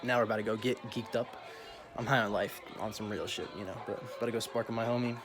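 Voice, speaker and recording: A man's voice: on the low side, steady tone, fast. A young man vlogging a casual, profane rant full of slang, often laughing as he talks.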